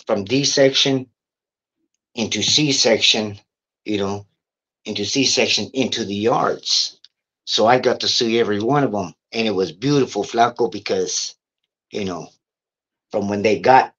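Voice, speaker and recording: A middle-aged man, a guest on an interview, telling rough stories in a casual, profane, streetwise way. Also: fairly low pitch, a bit bright. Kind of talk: casual storytelling. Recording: dull lo-fi recording.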